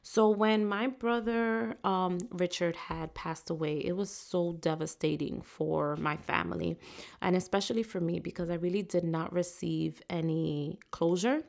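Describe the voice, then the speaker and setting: Woman podcaster with vocal fry. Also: on the low side, steady tone, measured pace, darkish tone. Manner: uplifting, preacher-like encouragement. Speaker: podcast host. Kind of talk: solo podcast monologue.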